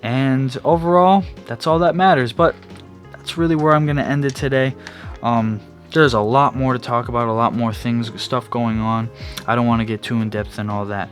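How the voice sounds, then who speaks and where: Faint background music sits behind a young man's casual solo sports podcast, where he rambles, restarts, uses fillers, and sometimes yawns. He has a mid-range voice, fairly even intonation, and a moderate pace.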